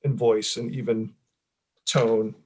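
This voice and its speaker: A man's voice: on the low side, fairly even intonation, takes it slowly, darkish tone. A middle-aged man, an author, talking casually in an interview, rambling with many fillers and restarts.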